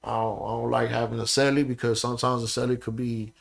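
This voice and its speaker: A man talking as a podcast guest, telling animated, profane stories and often asking "you know what I'm saying". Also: medium pitch, quick pace, gravelly. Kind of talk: casual podcast conversation.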